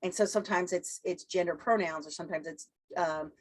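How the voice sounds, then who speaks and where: A middle-aged woman giving a casual college lecture, chatty and quick to laugh, acting out quotes in playful voices. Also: on the low side. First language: English. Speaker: college instructor.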